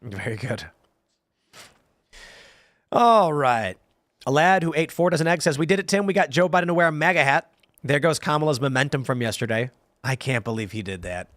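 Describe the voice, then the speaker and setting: A man's voice: a little high, brisk, no room sound, studio quality. A man hosting a podcast, reading viewer comments aloud in casual chat and acting out quotes as he tells stories. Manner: animated storytelling with acted-out quotes. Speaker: podcast host.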